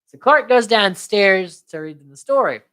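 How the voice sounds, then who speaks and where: A woman co-hosts a casual film podcast, recapping the movie with an animated retelling of scenes and acting out lots of quotes in voices. Her voice is medium-pitched and clean, at a normal speed.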